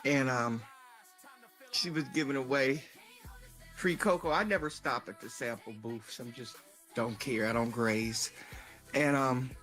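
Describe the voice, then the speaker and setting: A woman casually telling an animated, profane story. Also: a bass voice, unhurried, pauses often, faint music behind.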